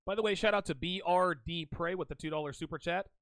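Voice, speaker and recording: A man's voice: high voice, fast, a bit bright, no room sound. A man hosting a reaction commentary show, talking back at a clip in a mocking tone.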